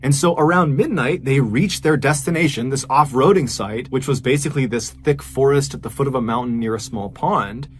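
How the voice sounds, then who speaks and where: A man hosting a podcast, telling a dark true-crime story in a conversational, suspense-building way. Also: medium pitch, a little fast, few pauses, a little hiss or hum.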